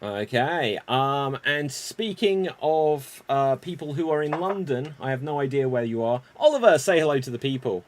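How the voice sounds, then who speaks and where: A man's voice: medium pitch, lively intonation, normal speed, hardly any pauses. A man hosting a live online improv show, introducing players with upbeat, joking lines. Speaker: host.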